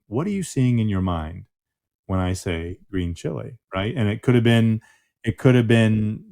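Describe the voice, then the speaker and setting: A man's voice: medium pitch, a little mellow. A man hosting a podcast, reflecting on what his guests said and summing up with "right?". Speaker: podcast host. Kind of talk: casual conversational reflection.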